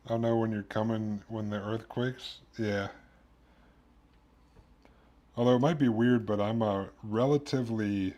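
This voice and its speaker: A man's voice: on the low side, fairly even intonation, measured pace, pauses often, warm tone, lo-fi sound. A man streaming himself cooking at home, chatting in a rambling way that keeps breaking off and restarting. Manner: rambling, self-interrupting storyteller. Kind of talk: casual chat while cooking. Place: home kitchen. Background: kitchen dishes and cutlery clatter.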